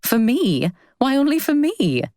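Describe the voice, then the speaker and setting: A woman's voice: sits high, measured pace, dry recording, studio quality, pitched above the performer's own voice. A woman voicing a spirited, witty young woman. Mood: arch. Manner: lively, arch retorts. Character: spirited young woman, quick-witted and bold.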